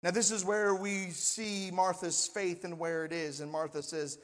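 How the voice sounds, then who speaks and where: A man preaching a sermon and reading scripture aloud, slow and emphatic, asking his listeners rhetorical questions. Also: high voice, flat delivery, fairly bright tone. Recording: long reverb in a large hall.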